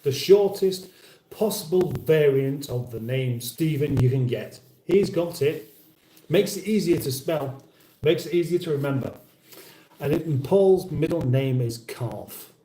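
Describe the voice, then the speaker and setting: A man's voice: on the high side, animated, measured pace, mellow, echoey room, low-quality recording. A middle-aged British man hosting a casual livestream, reading out viewer comments in a dry, wry, mock-formal way and sounding a little weary. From United Kingdom. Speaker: livestream host.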